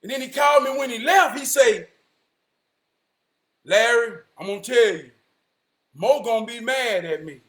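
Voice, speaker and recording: High-voiced guy telling a story, loud and animated, echoey room. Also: normal speed, long pauses. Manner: animated, often shouting, slips into quoted voices. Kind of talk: casual storytelling.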